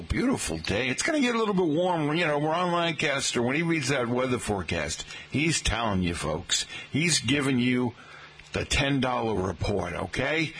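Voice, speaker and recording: Older man from the Boston area, low gravelly voice, folksy local radio host who rambles and calls listeners "folks". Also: a bit bright, a little hiss or hum. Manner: chatty, folksy, keeps saying "folks", many fillers. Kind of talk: rambling morning radio chat.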